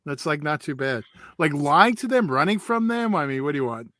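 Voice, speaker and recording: A man's voice: fairly high pitch, sing-song, fairly quick, pushed and bright, no room sound. A man co-hosting a podcast, chatting casually, laughing often and hesitating. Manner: giggly, hesitant. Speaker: podcast co-host.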